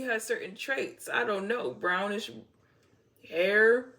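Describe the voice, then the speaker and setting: Lively, playful woman tarot reader. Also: mid-range voice, takes it slowly. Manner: playful, blunt and profane, often laughing. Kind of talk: casual tarot reading to camera.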